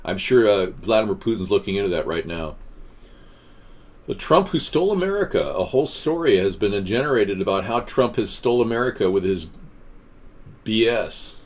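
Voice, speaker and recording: A man's voice: on the low side, fairly quick, a little mellow. A man hosting a casual political chat show, rambling and sarcastic as he reads viewer comments. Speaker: host.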